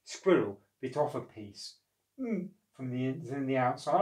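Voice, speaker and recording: A man reading a children's storybook aloud in a slow, gentle, expressive way. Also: medium pitch. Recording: echoey room, distant mic.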